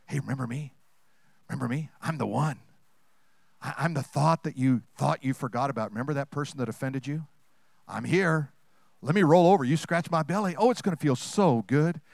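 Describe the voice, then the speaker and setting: A man's voice: medium pitch, fairly quick, vocal fry, darkish tone, no echo, clean studio sound, pitched below the performer's own voice. A man doing a clingy pet-like thought. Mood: wheedling. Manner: coaxing, wheedling.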